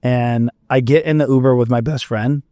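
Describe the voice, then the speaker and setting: A man's voice: mid-range voice, fairly even intonation, moderate pace, mellow, dry recording. A young man from Florida spins a winding story on a podcast, tripping over restarts and slipping into the voices of people he met. His voice sits mid-range and sounds dry and close to the mic. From Fort Myers, Florida. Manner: rambling, restarts and self-corrections, acts out quoted dialogue. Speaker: musician guest. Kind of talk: storytelling in a casual podcast interview.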